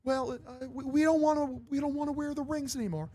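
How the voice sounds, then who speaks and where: A man putting on a high, timid voice, playing a meek young male pop singer who pleads nervously. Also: fairly even intonation, fast, dark tone. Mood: pleading.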